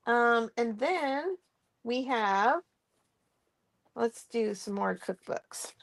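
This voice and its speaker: A woman's voice: on the high side, vocal fry, a bit bright, no echo. A woman hosting a live craft-supply sale in a shop, chatty and often laughing, trailing off and restarting as she goes. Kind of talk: casual live sale chat. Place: indoor shop with construction noise nearby.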